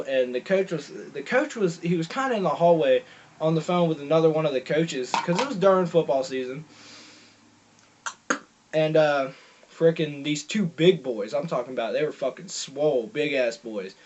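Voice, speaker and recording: Young man rambling, profane, lo-fi. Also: fairly high pitch. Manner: rambling, profane, many fillers and restarts. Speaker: vlogger. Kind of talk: casual storytelling monologue. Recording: dull lo-fi recording.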